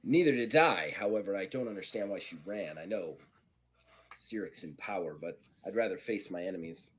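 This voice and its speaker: A man's voice: deep voice, expressive, normal speed, pitched below the performer's own voice. A man voicing an earnest woman officer. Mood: serious.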